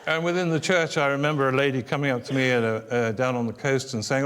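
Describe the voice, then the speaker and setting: Wry older British storyteller in a hall. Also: male voice, mid-range voice, fast, clean tone. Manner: wry, self-deprecating, building to animated exasperation. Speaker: author and guest speaker. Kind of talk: humorous storytelling talk. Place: church venue before an audience. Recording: reverberant church hall.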